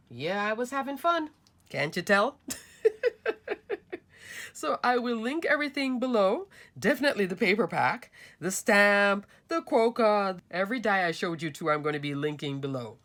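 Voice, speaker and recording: A woman's voice: mid-range voice, very animated, moderate pace, a bit bright. A woman hosting a card-making channel, walking viewers through her projects in a chatty, upbeat way. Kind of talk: casual crafting show-and-tell.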